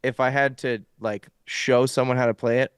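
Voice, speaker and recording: Here a young adult guest musician speaks at a moderate pace in a smooth, mid-range voice. He's laid-back in a casual interview, explaining things thoroughly with many fillers. The recording is dry and clean, with a studio sound.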